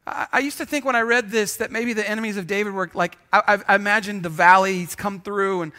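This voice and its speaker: A man preaching in church as pastor, telling a jokey story with sudden loud bursts. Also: high voice, fairly even intonation, fast. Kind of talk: sermon with storytelling.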